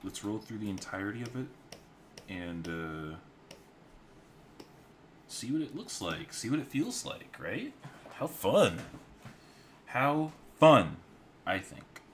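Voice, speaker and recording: A man's voice: on the low side, very animated, measured pace, long pauses, a little hiss or hum. A man streaming his storyboard work, narrating in a casual, rambling way with some swearing.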